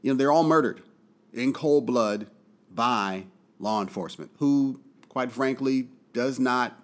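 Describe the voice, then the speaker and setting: An American political commentator delivers an impassioned monologue, speaking a little slowly. He's angry and emphatic, repeats his points for force, and swings between loud outbursts and quiet, low drops.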